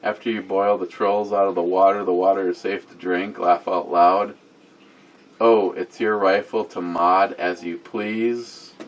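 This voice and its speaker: A man with a fairly low voice hosts a casual beer review vlog. He rambles off the cuff, fills his talk with "uh," and reads viewer comments aloud. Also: steady tone, measured pace. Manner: rambling, off-the-cuff, with many fillers.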